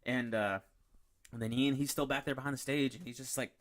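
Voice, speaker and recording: A man's voice: medium pitch, steady tone, a little fast, fairly bright tone. A man hosting a podcast, chatting casually and rambling through a story with lots of fillers and restarts. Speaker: podcast host. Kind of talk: casual chat.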